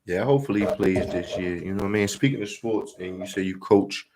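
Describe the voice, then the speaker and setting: A man with a fairly low voice hosts a radio interview. He asks questions in a relaxed, chatty way. The room around him adds a clear echo. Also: fast, noisy background. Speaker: radio host. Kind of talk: casual interview chat. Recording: roomy echo.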